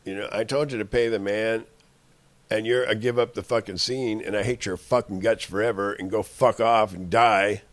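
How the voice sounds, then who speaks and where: A man's voice: lowish voice, fairly even intonation, normal speed, no room sound. A man in an angry, rambling monologue, cursing and making threats at the people he addresses.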